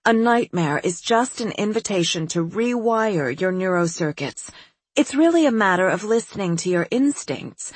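A woman voicing an eccentric, irresponsible female psychiatrist who makes breezy, pompous pronouncements in a husky voice. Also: mid-range voice, animated, moderate pace, no echo.

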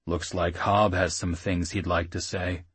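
A man voicing a gruff, weary half-orc rider. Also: level tone, unhurried, fairly bright tone, no room sound, heavily acted. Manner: low growling speech.

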